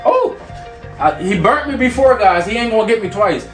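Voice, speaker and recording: A man from York, Pennsylvania, hosting a show and giving an energetic motivational talk with teasing banter while cooking in a home kitchen. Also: high voice, moderate pace. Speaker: motivational speaker and show host. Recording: echoey room, mic at a distance, music underneath.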